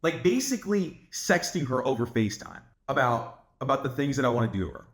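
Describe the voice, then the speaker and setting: A man's voice: medium pitch, very animated, a little fast, reverberant. A young man giving dating advice in a brash, boastful monologue, swearing often and filling his talk with "like". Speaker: dating coach. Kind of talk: casual monologue to camera.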